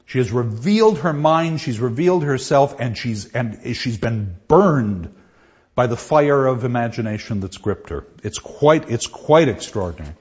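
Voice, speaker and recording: Animated man lecturing on poetry. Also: mid-range voice, lo-fi sound. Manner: enthusiastic, halting with restarts and fillers. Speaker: literature lecturer. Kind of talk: classroom lecture.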